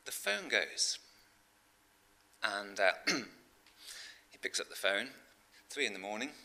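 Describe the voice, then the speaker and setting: A middle-aged man preaching a sermon in a conversational storytelling way, with fillers and frequent throat-clearing. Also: fairly low pitch, sing-song, takes it slowly, pushed and bright.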